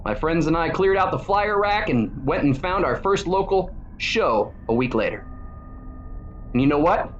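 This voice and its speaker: A man's voice: a little high, expressive, moderate pace, highs cut off, slight background noise. A man in his forties with a wry, irreverent manner, delivering a scripted monologue as a video host. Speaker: church founder and video host.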